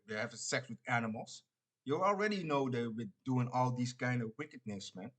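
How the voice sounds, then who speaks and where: A man giving a loose, off-the-cuff sermon at a middle pitch. He stumbles and restarts often, filling pauses with "uh" and tagging "man" onto his sentences. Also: a bit bright. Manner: says "man" constantly, halting with many restarts and fillers. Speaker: preacher. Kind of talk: informal preaching monologue.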